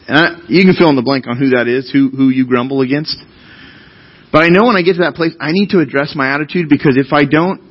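A man's voice: on the high side, lo-fi sound. A man preaching a sermon as pastor, reading scripture aloud and then explaining it with emphatic repetition. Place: church.

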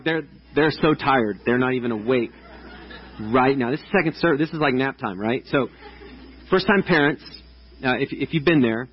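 A man's voice: mid-range voice, slightly rough, muffled recording. A man in his thirties preaching a casual, chatty sermon to a congregation, with lots of restarts and filler words. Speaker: pastor. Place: church stage before a congregation.

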